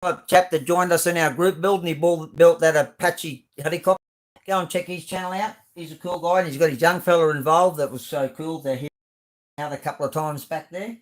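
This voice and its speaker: A man's voice: fairly high pitch, fairly even intonation, fairly quick. An Australian man hosting a live stream, chatting casually as he reads out viewer comments, rambling and friendly with plenty of fillers and restarts.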